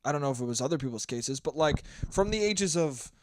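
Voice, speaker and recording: A man's voice: on the high side, lively intonation, quick pace, slight background noise. A hungover young man hosting a solo podcast, rambling and swearing freely, scatterbrained. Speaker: podcast host. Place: New York.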